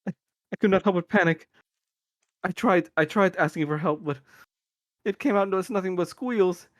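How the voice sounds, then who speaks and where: A man voicing a frightened young noblewoman who has been turned into a pig, speaking high and pleading. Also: normal speed, no echo, studio quality, close to an everyday voice. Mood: panicked, grateful.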